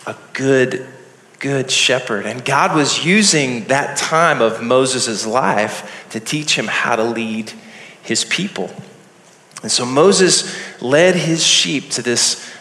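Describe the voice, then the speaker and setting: Slow, earnest man telling a story. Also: mid-range voice, sharp tone. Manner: slow, earnest, repeats phrases. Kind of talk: live Bible story telling. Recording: echoey hall with long reverb.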